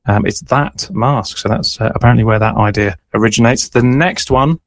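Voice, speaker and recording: A man's voice: medium pitch, normal speed, dry recording. Guy hosting a radio chat, easygoing and a bit jokey, lots of ums, dry close sound. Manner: chatty, hedging with fillers, playful. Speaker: radio show host. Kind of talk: casual radio interview with a quiz.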